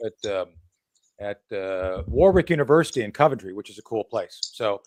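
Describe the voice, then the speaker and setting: A man's voice: fairly low pitch, lively intonation. Rambling New Jersey man hosting. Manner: rambling, halting with fillers. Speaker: show host. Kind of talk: casual chat.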